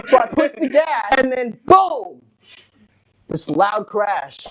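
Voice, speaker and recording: A young man on stage doing stand-up, his voice sitting a little higher than most men's. He tells stories with animated energy and breaks into loud, shouted rants when he acts out what people said. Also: a little slow, poor audio. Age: young adult. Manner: animated storytelling, bursts into shouting in quoted rants. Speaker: student stand-up comedian. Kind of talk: stand-up comedy set.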